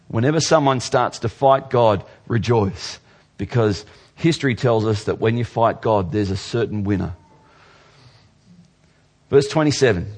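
A male pastor preaching a sermon, dropping low and slow for scripture and jumping higher for playful mock voices. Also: darkish tone.

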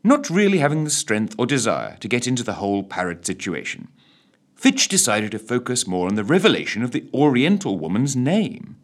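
A man's voice: mid-range voice, huge pitch swings, brisk. A man, reading a radio story in a theatrical, droll narration.

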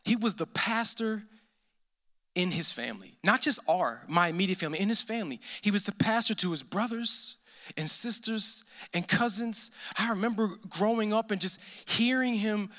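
A male pastor with a high-pitched voice preaches a sermon at normal speed. He's emphatic and repeats phrases, often dropping into a hushed, intense tone.

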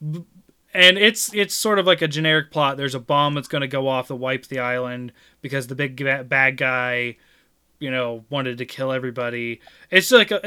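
A man chatting casually about a video game he played, rambling and laughing loudly. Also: medium pitch, clean tone. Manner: mimics game voices in retelling. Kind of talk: casual chat.

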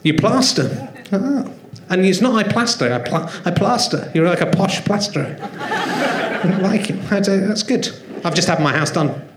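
A man's voice: high voice, lively intonation, noisy background. A man hosting a comedy podcast on a theatre stage, bantering and teasing the audience with self-mocking riffs. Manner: teasing, self-mocking, quick to riff on the crowd. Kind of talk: live stand-up banter with the audience. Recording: roomy theatre sound with a laughing crowd. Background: audience laughter.

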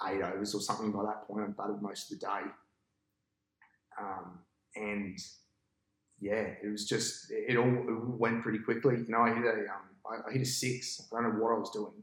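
Aussie bloke, low voice, telling his match story with gusto, roomy sound. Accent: Australian. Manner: animated storyteller, acts out his own past thoughts. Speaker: podcast guest, cricket captain. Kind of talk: casual storytelling interview.

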